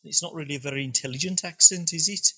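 A man's voice: fairly high pitch, fast talker, bright, forceful tone, husky, low-quality recording. A man from Birmingham, England, co-hosting a podcast in dry, teasing casual chat. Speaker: podcast co-host.

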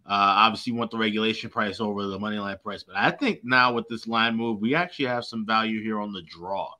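A man co-hosting a hockey betting show, laying out his picks in a casual, measured way. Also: fairly low pitch, fairly even intonation, bright, forceful tone.

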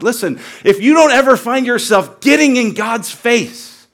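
Earnest preacher man, hushed to booming. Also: expressive, unhurried, hardly any pauses. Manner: swings from hushed, quiet delivery to loud, near-shouted emphasis; earnest, conversational preaching with personal stories. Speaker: pastor. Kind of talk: sermon.

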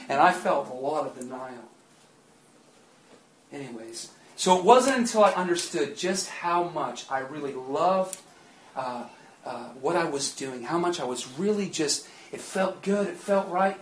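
High-voiced preacher man in an echoey church. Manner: candid and confessional, building to fervent emphasis. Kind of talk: personal testimony sermon. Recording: echoey room.

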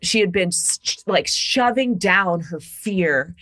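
A woman from Ohio in her thirties, a guest in an interview, chatting casually in an animated, playful way and laughing often. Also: fairly low pitch, slow pace, dry recording, clean studio sound. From Ohio, USA.

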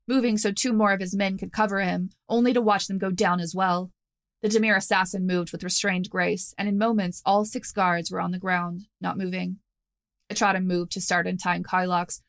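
A woman narrating a fantasy audio story in a steady storytelling manner. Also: fairly low pitch, gravelly.

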